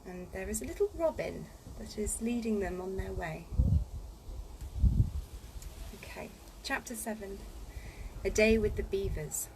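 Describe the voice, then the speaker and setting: A woman's voice: medium pitch, a little mellow, slight background noise, rough recording. Chatty woman reading a children's book. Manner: chatty, rambling, playful. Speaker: audiobook reader and voiceover artist. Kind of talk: casual chat, then reading aloud. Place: home studio.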